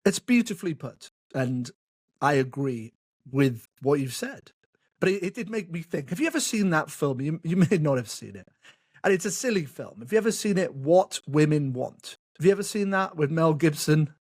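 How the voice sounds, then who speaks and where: Male podcast host, fairly high voice, loose rambling chat. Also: animated, normal speed, darkish tone. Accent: non-American. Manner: rambling, many fillers. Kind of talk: casual interview chat.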